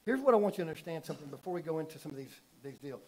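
A man preaching a sermon in a church, telling stories casually and building from soft asides to loud emphatic preaching. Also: fairly high pitch, expressive, rapid-fire, breathy edge, poor audio. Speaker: pastor.

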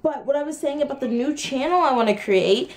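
A woman's voice: high-pitched, expressive, a little fast. A young woman chatting casually to her viewers in a rambling vlog, with plenty of fillers. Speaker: vlogger.

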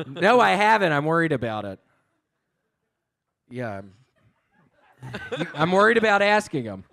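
A man, a comedian guest on a live stage, bantering in an absurd way, swearing often and bursting into sudden shouts. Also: fairly high pitch, big pitch swings, measured pace, gravelly, pauses often, no room sound. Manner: swears a lot and breaks into sudden loud shouting. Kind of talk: absurd deadpan stand-up banter.

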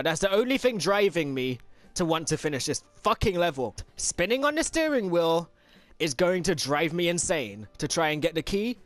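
A young man giving let's play commentary, frustrated and swearing, yelling at the game. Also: a little high, dry recording. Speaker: gameplay commentator.

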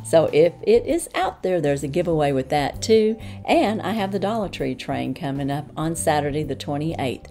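A woman's voice: low-pitched, sing-song, normal speed, few pauses, dark tone, soft background music. A woman with a Southern accent chatting enthusiastically through an unboxing review in a homey way. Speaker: unboxing vlogger. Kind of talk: casual product review.

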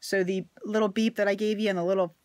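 A woman venting in an angry, profane rant to her viewers, blunt and swearing often, swinging between loud outbursts and quiet asides. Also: mid-range voice, steady tone, fast, no echo, clean studio sound. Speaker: vlogger. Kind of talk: profane ranting monologue to camera.

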